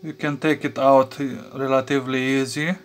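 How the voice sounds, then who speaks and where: A man's voice: medium pitch, flat delivery. A man talking through a soldering job at his workbench, with lots of fillers and restarts. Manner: halting, many fillers and restarts, chuckles to himself. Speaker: electronics hobby vlogger. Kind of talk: casual workbench commentary.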